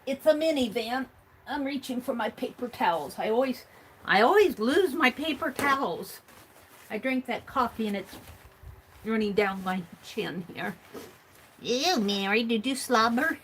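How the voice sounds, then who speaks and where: A woman with a slightly high, animated voice at normal speed hosts a livestream while crafting, with a little hiss or hum in the audio. She chats casually, talks to herself, reads viewer comments aloud, restarts often, uses fillers, and laughs easily.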